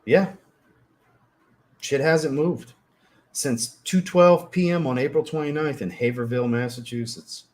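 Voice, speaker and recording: A man hosting a fragrance livestream, chatting casually, telling profane, animated stories and reading out chat messages. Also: a little high, a little slow, long pauses. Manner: animated, profane storytelling, reads chat aloud. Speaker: livestream host.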